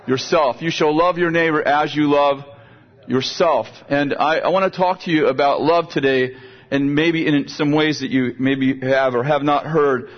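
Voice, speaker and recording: A man's voice: on the high side, fairly even intonation, normal speed. An older man preaching a sermon in a conversational way, often repeating words as he builds a point. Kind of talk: sermon with storytelling. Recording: dull, lo-fi sound.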